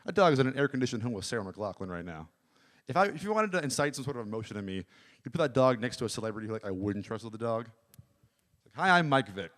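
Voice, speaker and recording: A man doing stand-up at a small live venue, his voice middling in pitch. He rambles through his bits with a deadpan, filler-heavy delivery into a handheld stage mic. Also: fast talker. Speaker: stand-up comic. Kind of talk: stand-up comedy set.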